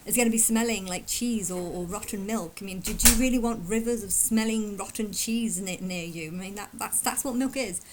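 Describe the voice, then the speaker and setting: A woman vlogger talking fast in a casual, emphatic and indignant opinion monologue. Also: medium pitch, slight background noise, poor audio. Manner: fast talker.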